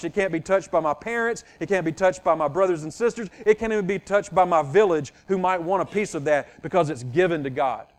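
A middle-aged male pastor preaching a sermon, teaching earnestly and repeating key phrases for emphasis. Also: high voice.

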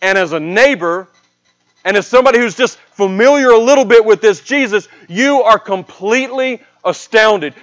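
High-voiced man preaching a dramatic sermon. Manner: dramatic storytelling, swinging between raised and hushed voice.

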